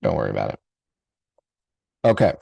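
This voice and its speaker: A man's voice: a bass voice, sing-song, brisk, gravelly, no echo, muffled recording. A man in his forties hosting a podcast, reacting casually in a rambling, nostalgic way with many fillers and restarts. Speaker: podcast host.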